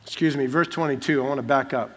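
A pastor preaches in a church sanctuary, moving through a Bible passage verse by verse and repeating phrases to stress them. His voice is mid-range and steady, and he speaks at a quick pace.

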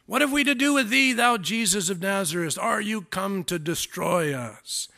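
A man's voice: high voice, expressive, normal speed, gravelly, sharp tone, voice pushed up, heavily acted. A man voicing a creepy male demon that cries out through a possessed man. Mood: defiant.

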